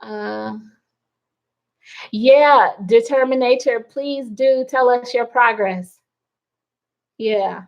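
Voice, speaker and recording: This woman's voice is fairly high and gravelly, captured with lo-fi sound. An adult with children, she hosts a casual nighttime live stream from home, reading comments aloud in a slow, relaxed, chatty way and laughing a lot.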